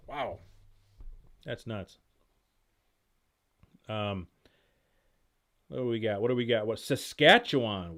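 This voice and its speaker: A man hosting a casual live stream from home, rattling through viewer questions at a rapid clip and reacting to each one. His voice sits at a middle pitch with a plain, everyday tone. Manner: rapid, rambling, jumps between thoughts; reads chat comments aloud and reacts excitedly. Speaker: host of outdoor gear channel.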